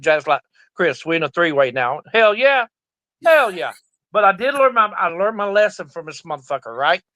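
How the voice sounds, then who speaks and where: A middle-aged man spins rowdy, profane stories as an interview guest. His voice sits a bit high and sounds bright and forceful. The recording is dry and close, and he acts out every voice he quotes. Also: dry recording. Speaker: guest, veteran pro wrestler. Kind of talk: casual storytelling interview.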